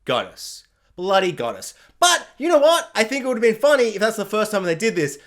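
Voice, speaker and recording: Excitable high-voiced man rambling. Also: a little fast. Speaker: film reviewer.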